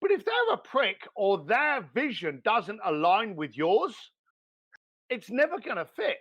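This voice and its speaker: A man giving blunt, animated business advice as a podcast guest, swearing now and then. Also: sits high, unhurried, lo-fi sound. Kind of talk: motivational business talk.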